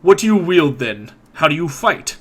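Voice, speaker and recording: A man's voice: fairly high pitch, big pitch swings, moderate pace, a bit bright, breathy edge, heavily acted. A man voicing a towering, stern interrogator who questions sharply.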